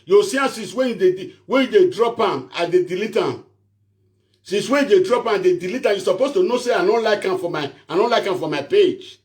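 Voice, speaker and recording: High-voiced Nigerian Pidgin ranting prophet. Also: male voice, expressive, fairly quick, a little mellow. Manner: preachy, repetitive, pleading. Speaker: social media prophet and show host. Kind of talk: animated rant to camera.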